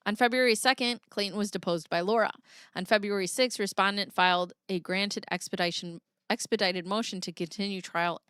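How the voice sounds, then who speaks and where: A woman's voice: medium pitch, fairly even intonation, fairly quick, a bit bright, smooth, dry recording, studio quality. A woman in her thirties reading court documents aloud on a live stream, breaking off for jokey asides. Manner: chatty, jokey, reads legal text aloud with asides. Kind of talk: casual live-stream commentary.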